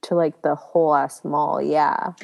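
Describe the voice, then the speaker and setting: A woman's voice: low-pitched, little pitch movement, a little slow, gravelly, big-room sound. A young woman co-hosting a podcast, chatting casually and laughing often as she jokes. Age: young adult. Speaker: podcast co-host. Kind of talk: casual chat.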